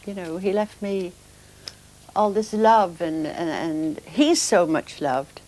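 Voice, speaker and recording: A woman speaking softly and with emotion in an interview. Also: fairly low pitch, lively intonation, takes it slowly, poor audio. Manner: soft-spoken, emotional, reflective.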